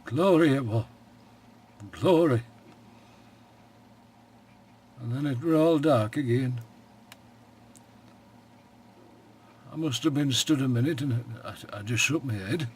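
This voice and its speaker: Playing a wry, plain-spoken old shepherd for a radio monologue, this older male actor uses a broad Yorkshire accent and a dry, homely way of talking, here in a mood of hushed awe. His mid-range voice has a darkish tone and a normal speed, close to an everyday voice, with slight background noise.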